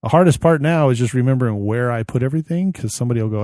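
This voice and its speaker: A man's voice: mid-range voice, very fast, mellow, no echo, clean studio sound. A man co-hosting a podcast in casual chat, a rambling storyteller who acts out the voices of people in his anecdotes. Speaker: podcast co-host.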